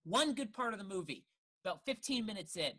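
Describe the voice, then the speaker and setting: A young man co-hosts a casual film podcast. His voice is bright and forward. He rambles, swears freely and jumps into exaggerated voices to act out the scenes he describes. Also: sits high, big pitch swings, brisk. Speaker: podcast co-host.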